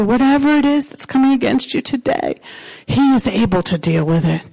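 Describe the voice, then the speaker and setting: A woman's voice: on the high side, animated, moderate pace, vocal fry, hardly any pauses, dark tone, rough recording. A woman pastor preaching a sermon in an emphatic, repetitive way, circling back to the same phrases.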